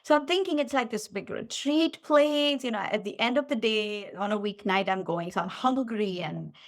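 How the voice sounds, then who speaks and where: A woman in her forties tells a personal story with lively energy, her voice sitting a little high. She drops into the voices of her past self as she goes, in a loose, chatty guest style. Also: moderate pace. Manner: animated, acts out her own past lines. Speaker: podcast guest, physical therapist. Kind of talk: casual storytelling in interview. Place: lived in the Midwest.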